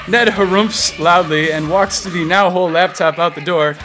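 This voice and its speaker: A man reads the scene directions of a comic audio drama, amused and laughing as he goes. His voice sits on the high side. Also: fairly even intonation, normal speed, sharp tone, faint music behind. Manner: amused, laughing through lines. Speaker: scene narrator. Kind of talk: reading stage directions.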